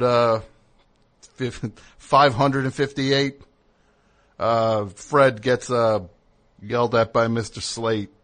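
A man hosting a comedy talk show, rambling through a bit with many fillers and quick mock voices. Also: medium pitch, a bit bright. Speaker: radio show host.

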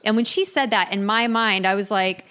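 A woman's voice: medium pitch, moderate pace, clear, resonant tone. A woman casually chatting as a podcast co-host, recapping an episode and acting out the characters' lines. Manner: animated, acts out characters' lines while retelling.

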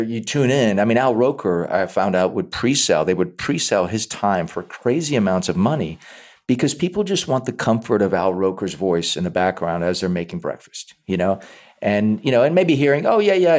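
A man being interviewed about his acting work, talking in a halting way and often repeating words as he thinks aloud. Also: fairly low pitch, expressive, a little mellow. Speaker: actor, interview guest. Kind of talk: casual interview talk.

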